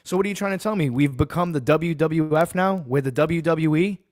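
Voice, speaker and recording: A man's voice: on the high side, fairly quick, a little mellow, no room sound, studio quality. A man from Massachusetts hosting a sports podcast, ranting bluntly and profanely and hammering his points home by repeating them.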